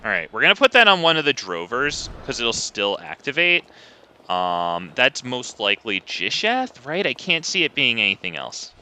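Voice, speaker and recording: A man's voice: mid-range voice, sing-song, moderate pace, pushed and bright, smooth. A young man giving casual, wry gameplay commentary with lots of ums, close to a desk mic.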